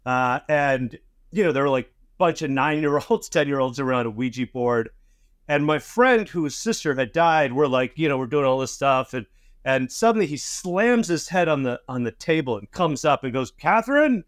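A man talking casually with a guest, halting and searching for words with many ums. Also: mid-range voice, no room sound, studio quality. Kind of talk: casual conversation.

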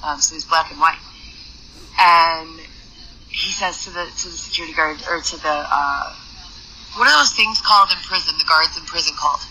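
A woman's voice: low voice, moderate pace, pushed and bright, slight background noise, poor audio. A woman hosting her own podcast, telling a story in a chatty, rambling way full of fillers and restarts, earnest and emphatic. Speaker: podcast host. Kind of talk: casual storytelling monologue.

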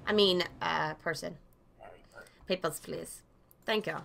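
A woman playing a video game and commenting casually, swearing freely, yelling mock-official orders at characters, and haltingly reading on-screen text aloud. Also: sits low, fairly even intonation, gravelly. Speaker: let's play gamer.

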